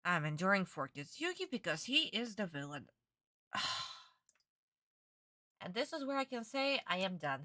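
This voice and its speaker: A woman's voice: mid-range voice, very animated, normal speed, long pauses, bright, forceful tone, dry recording, studio quality. A young woman ranting in a casual live-stream reaction, exasperated and swearing freely.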